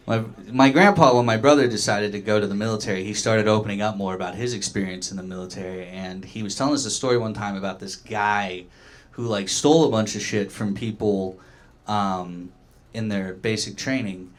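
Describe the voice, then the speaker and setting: A man's voice: lowish voice, fairly even intonation, normal speed. A young man from Oklahoma doing a loose, self-mocking stand-up comedy set in a small dive bar, acting out the voices of other people.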